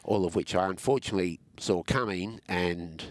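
A man's voice: low voice, moderate pace, no echo. A middle-aged Australian man with a scratchy, coughing throat, rambling and self-mocking with frequent ums in a casual podcast interview. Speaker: former motorsport executive, guest.

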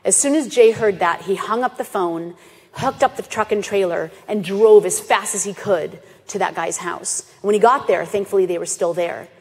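A woman, founder of an animal sanctuary, giving an animated storytelling presentation and acting out the voices of people in her story. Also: medium pitch, moderate pace, slightly rough. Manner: animated, acts out quoted voices. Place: festival stage in a hall. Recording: reverberant lecture hall.

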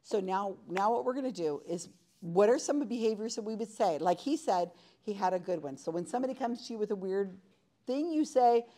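A woman's voice: medium pitch, lively intonation, a little fast, mellow. Woman teaching a workshop, casual talk, keeps quizzing the crowd. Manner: conversational, quizzes the audience. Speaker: workshop presenter. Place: workshop room with a live audience.

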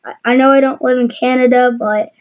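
A woman's voice: sits high, steady tone, fairly quick. A woman casually demonstrating magic tricks in a rambling, hesitant way. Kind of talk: casual how-to tutorial. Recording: dull lo-fi with faint noise.

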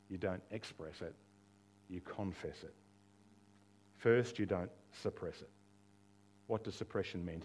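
Guy preaching, talks like he's chatting with the room, asks questions, plays out little dialogues. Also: lowish voice. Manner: conversational preaching with rhetorical questions and humor; acts out quoted dialogue in storytelling. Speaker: pastor. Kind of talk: sermon.

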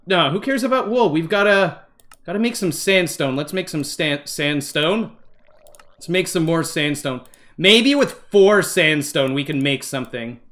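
A man hosting a let's-play gaming commentary, excitable and easily startled, narrating every move and talking to viewers as "guys". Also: a little high. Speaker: gaming channel host.

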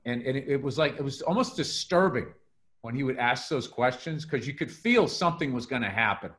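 Animated middle-aged man telling stories. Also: mid-range voice, a little fast. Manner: animated storytelling, swearing, acts out quotes. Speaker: podcast co-host, comedian. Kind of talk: casual podcast chat.

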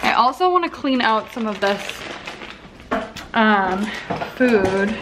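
Chatty young woman vlogging, bit high. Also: lively intonation, slow, long pauses, background noise. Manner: chatty, rambling, lots of "like" and "um". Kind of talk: casual chat to camera. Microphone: handheld compact camera.

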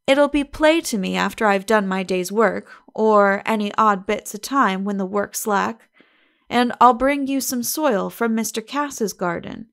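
A woman's voice: medium pitch, unhurried, creaky, fairly bright tone. Woman reading an eager young gardener. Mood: earnest. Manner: earnest rustic dialect talk. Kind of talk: audiobook reading.

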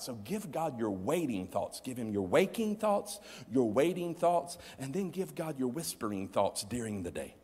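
A man preaching a sermon as pastor, calling on the congregation to answer back and swinging between loud bursts and hushed, near-whispered asides. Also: medium pitch, big pitch swings, moderate pace, hardly any pauses, slightly rough. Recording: long hall reverb.

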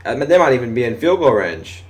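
A young man giving loose, profane live commentary over a football video game, shouting at big plays. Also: medium pitch, fast talker. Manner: excitable, swears often, shouts at big plays. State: voice briefly giving out. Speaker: gaming commentator.

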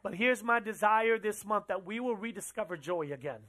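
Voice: medium pitch, animated, normal speed, bright, forceful tone. A pastor preaching a sermon in a church, talking conversationally, asking the audience questions and repeating phrases for emphasis.

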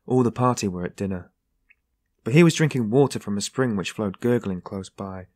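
A man reading a classic novel aloud in a measured, even narration. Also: on the low side, no echo. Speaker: audiobook narrator. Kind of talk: scripted narration.

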